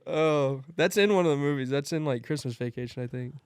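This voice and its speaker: A man's voice: a little high, fairly quick, darkish tone, clear, resonant tone, no room sound, studio quality. A man co-hosting a podcast in casual chat, laughing easily and chiming in. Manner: laughs easily, supportive interjections. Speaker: podcast co-host. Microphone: studio podcast mic.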